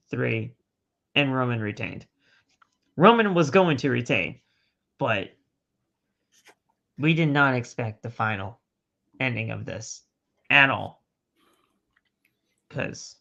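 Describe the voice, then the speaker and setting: A man co-hosting a podcast, retelling a wrestling match in an animated play-by-play way. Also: mid-range voice, creaky. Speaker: podcast co-host. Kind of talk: casual wrestling recap. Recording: dull lo-fi podcast audio.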